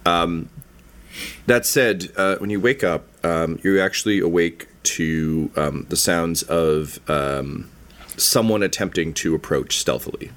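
Man, game master, very low voice, halting, lots of ums. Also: fairly bright tone. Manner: halting, full of ums and restarts. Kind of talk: narrating a tabletop game.

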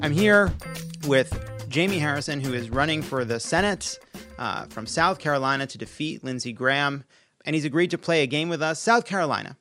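A man hosting a comedic political show, energetic and sarcastic. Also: fairly high pitch, over music. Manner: sarcastic, energetic, quick jokes. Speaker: podcast host.

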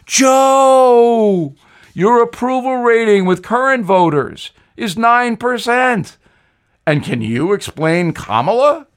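A man's voice: expressive, slow, smooth, full character voice. A man voicing the scolding ghost of an older former president with a Southern accent. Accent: American Southern. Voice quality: booming, scolding.

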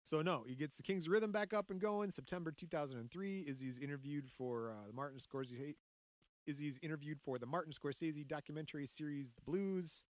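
A man's voice: a little high, fairly quick, no room sound. A man hosting a podcast, telling a story in casual chat, joking and laughing often.

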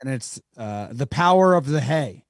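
A man co-hosting a podcast, bantering casually about baseball in an animated, jokey way. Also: medium pitch, moderate pace, no echo, clean studio sound. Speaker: podcast co-host. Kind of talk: casual sports chat.

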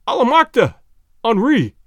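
A man voicing a starving, half-mad frontier man who shouts with wild laughter in a storybook reading. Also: sits high, big pitch swings, moderate pace, no room sound. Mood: frantic.

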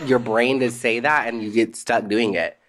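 A woman's voice: a bass voice, steady tone, moderate pace. A woman co-hosting a podcast, joking and swearing in slangy casual chat. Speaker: podcast co-host. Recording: noisy background.

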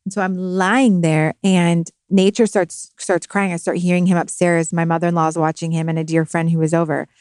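A woman's voice: fairly low pitch, flat delivery, normal speed, few pauses, a little mellow, clear, resonant tone, no room sound. A woman in her thirties, a podcast guest, telling a heartfelt personal story in an earnest, spiritual way, recorded in a studio. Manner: earnest, spiritual, emotional at times.

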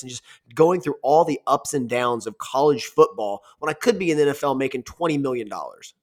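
A man's voice: medium pitch, expressive, a little fast, hardly any pauses, darkish tone. A man co-hosting a sports podcast in casual talk, laid-back and agreeable, calling his partner "man" and "dude".

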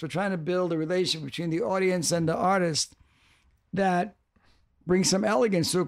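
An older man, a music executive, in a casual interview, talking in halting bursts that repeat words. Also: high voice.

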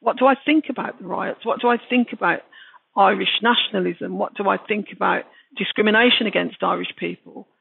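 Gravelly Brummie woman on a tinny line. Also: mid-range voice, a little fast, no room sound. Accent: Birmingham. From Birmingham, England. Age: 60s. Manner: frank, emphatic storytelling. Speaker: guest author. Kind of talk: reflective interview talk. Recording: dry, tinny phone-like line.

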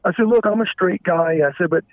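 Caller: high-pitched man, halting and frank, heard over a thin dry phone line. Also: no room sound. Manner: halting, frank, stumbling restarts. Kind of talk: candid confessional phone talk. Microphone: telephone.

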